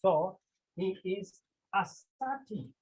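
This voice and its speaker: A man teaching a Greek grammar class, talking slowly and repeating key points with many pauses. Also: high voice, lively intonation, breathy edge. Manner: slow, repetitive, with many pauses. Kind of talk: online language lesson. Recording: tinny phone-like line.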